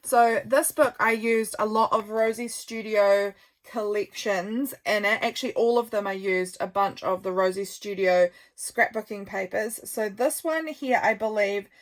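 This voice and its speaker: A woman's voice: medium pitch, measured pace. A woman, a journal maker, chatting casually while showing her work, gushing and a little tired. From New Zealand. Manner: chatty, gushing, softly rambling. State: tired, yawning. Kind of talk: casual craft show-and-tell.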